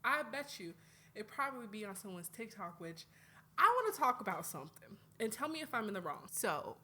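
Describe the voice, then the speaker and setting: Young adult woman from Atlanta, solo podcast host, lively and chatty, bright tone. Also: mid-range voice, a little fast, a little hiss or hum. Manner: animated, chatty, swings between loud outbursts and quiet asides. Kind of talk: casual solo podcast chat.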